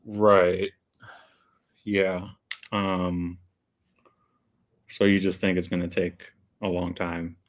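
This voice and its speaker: A man's voice: low-pitched, flat delivery, extremely slow, long pauses. A man calling in to a show, explaining his situation hesitantly, with lots of "like" and "kinda". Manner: hesitant, many fillers like "like" and "kinda". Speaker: caller. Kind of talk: call-in question.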